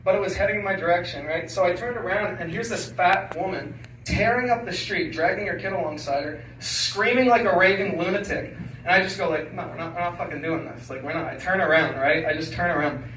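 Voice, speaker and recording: A man's voice: sits high, fairly quick, pushed and bright, slight background noise. A man performing a crude, rambling stand-up set in a small basement room. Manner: crude, rambling, filler-heavy delivery. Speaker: stand-up comedian. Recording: echoey room from a distant mic.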